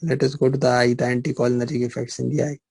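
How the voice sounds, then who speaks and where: A man's voice: mid-range voice, level tone, racing, vocal fry, a little mellow, breathy edge, no echo, poor audio. A middle-aged male pharmacology lecturer, teaching a live online class, repeating points and firing rhetorical questions at students. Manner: repetitive, asks rhetorical questions, teasing.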